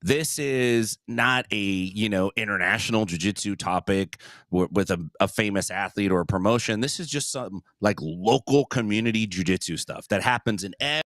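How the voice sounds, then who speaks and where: A man co-hosting a casual podcast, speaking in a relaxed, rambling way. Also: fairly low pitch, moderate pace, no room sound, clean studio sound. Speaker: podcast co-host.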